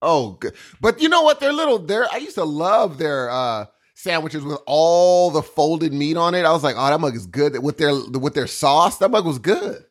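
A man's voice: a little high, moderate pace, hardly any pauses. A man co-hosting a podcast in casual chat, telling stories and breaking into silly voices. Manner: animated storyteller who jumps into silly voices. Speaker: podcast co-host.

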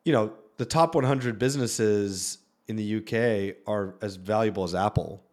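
A man speaking as a venture capitalist on a panel discussion, casual and loose, with many fillers and animated asides. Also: lowish voice, moderate pace.

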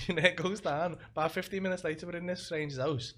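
A man with a Liverpool accent hosting a podcast, rambling through anecdotes with plenty of swearing and quick voices for the people in his stories. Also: fairly high pitch, fairly even intonation, fairly bright tone, a little hiss or hum. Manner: rambling storyteller, heavy swearing, acts out quoted voices. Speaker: podcast host. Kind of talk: casual podcast chat.

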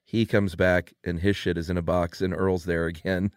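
A man with a deep, smooth voice chats about a film, pausing and restarting as he gathers his thoughts. His voice sounds close and dry. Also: level tone, no echo. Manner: easygoing, halting, backchannels often. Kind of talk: casual film discussion.

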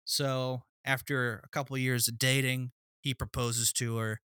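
A man's voice: mid-range voice, flat delivery, a little slow, pushed and bright, clear, resonant tone, dry recording, clean studio sound. A man co-hosting a podcast, retelling a film plot with sardonic, profane asides. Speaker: podcast co-host recapping a film. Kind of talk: casual storytelling recap.

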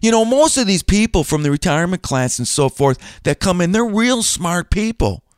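A man's voice: high-pitched, sing-song, moderate pace, clear, resonant tone, dry recording, studio quality. A middle-aged man hosting a podcast as a financial planner, chatty and self-deprecating in a casual style.

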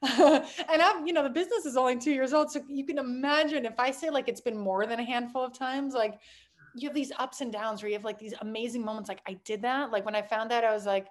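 A woman's voice: a little high, fairly even intonation, fast talker. A woman founder telling her story in a casual interview, chatty and full of fillers, laughing often. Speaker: startup founder, guest.

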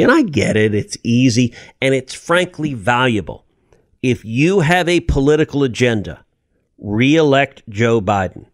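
Animated self-mocking man in his fifties. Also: mid-range voice, dry recording, studio quality. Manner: animated, self-deprecating, restarts often. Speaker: politician guest. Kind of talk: casual interview storytelling.

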